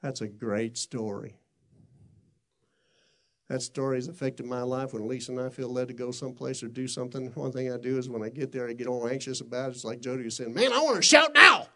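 A middle-aged man preaches with a gravelly, somewhat rough voice at an ordinary pitch. He talks earnestly and conversationally, stumbling and restarting as he tells his story. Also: level tone, brisk, a little mellow. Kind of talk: sermon storytelling.

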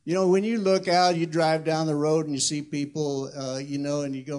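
Give me an older male pastor in his sixties delivering a sermon, swinging between slow, booming scripture reading and quick, chatty asides. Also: level tone. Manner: reads scripture slowly and loudly, then talks fast and conversational.

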